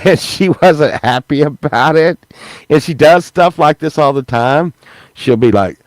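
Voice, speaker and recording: Slow, gravelly man rambling to camera. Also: mid-range voice, a little mellow, no room sound. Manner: rambling, repetitive, laughs mid-sentence. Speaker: YouTube vlogger. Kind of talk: rambling casual vlog chat.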